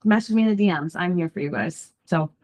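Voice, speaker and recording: A woman's voice: on the low side, fast, a little mellow. A woman who creates social media content, giving a casual talk to a small group in person. She talks in a bubbly, chatty way with lots of ums and likes, and sounds a little nervous because she is new to speaking in front of people. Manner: nervous first-time speaker.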